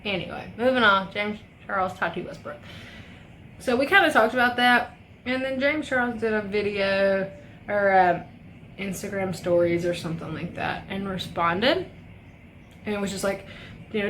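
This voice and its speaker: A woman's voice: medium pitch, moderate pace, a bit bright, slight background noise. A young woman beauty vlogger chatting casually through a makeup tutorial, rambling and swearing as she rants. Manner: profane, ranting, rambling.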